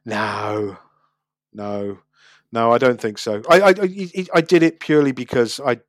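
A man's voice: mid-range voice, unhurried, dry recording, clean studio sound. A man, talking casually about street photography and city life, chatty with frequent restarts. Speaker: street photographer, podcast guest. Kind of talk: casual chat.

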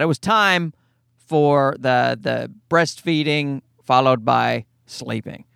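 A man's voice: on the high side, fairly bright tone, no echo, clean studio sound. A young man from Canada, a podcast host ranting in a casual, profane, rambling, self-mocking way from a parked car in a garage. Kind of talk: casual comedic rant.

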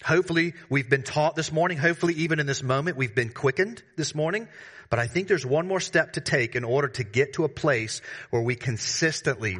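Male pastor, bright voice, emphatic sermon delivery with sudden bursts and slangy asides. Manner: emphatic preaching with sudden rises in pitch and volume.

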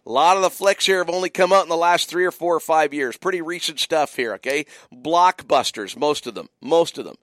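A man's voice: on the high side, a little fast, few pauses, a bit bright, no room sound, studio quality. A man hosting a radio movie trivia call-in, teasing listeners and repeating the phone number. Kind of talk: casual radio call-in chat. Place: radio studio.

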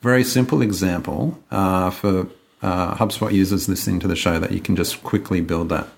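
Low-voiced man co-hosting. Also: normal speed, vocal fry. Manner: relaxed, talkative, frequent um and restarts. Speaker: podcast co-host. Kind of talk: casual podcast chat.

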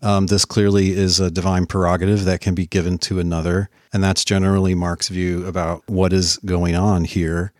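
A man's voice: low voice, flat delivery, moderate pace, hardly any pauses, a little mellow, no echo, clean studio sound. A man giving confident, dismissive rebuttals in a formal debate.

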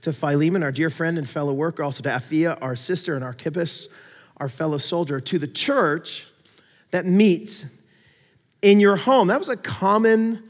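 A man preaching a sermon, telling stories with animated swings between loud emphasis and quiet asides. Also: on the high side, moderate pace, in a large hall. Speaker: pastor.

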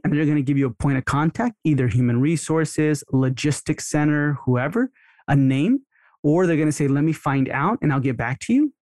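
A man's voice: a little high, a little fast, a little mellow, no room sound, clean studio sound. A man coaching dental teams on marketing in a casual podcast, acting out sample conversations in a raised voice. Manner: chatty, role-plays dialogue in a raised voice. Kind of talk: casual instructional podcast talk.

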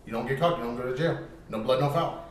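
A man's voice: mid-range voice, fast, roomy sound, recorded from a distance. A man co-hosting a casual talk show, blunt and emphatic in the way he talks. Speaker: podcast co-host. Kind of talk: casual chat.

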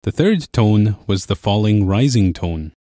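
A man teaching a language lesson, explaining clearly and patiently. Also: lowish voice, lively intonation, unhurried, dark tone, no echo, clean studio sound. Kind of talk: scripted lesson narration.

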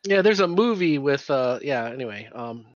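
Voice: mid-range voice, lively intonation, moderate pace, no room sound. A player chatting casually during an online tabletop game, rambling with many fillers and laughing often. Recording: dull lo-fi dry audio.

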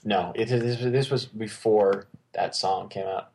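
A man's voice: lowish voice, steady tone, measured pace, vocal fry, darkish tone, breathy edge. A man co-hosting a casual movie chat, rambling and enthusiastic, full of fillers and restarts. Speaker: podcast co-host.

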